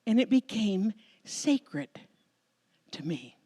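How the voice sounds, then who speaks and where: Slow, storytelling American woman minister. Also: mid-range voice. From United States. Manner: conversational, emotional, expressive storytelling. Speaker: minister giving the Sunday talk. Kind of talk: personal storytelling sermon. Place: church sanctuary before a congregation.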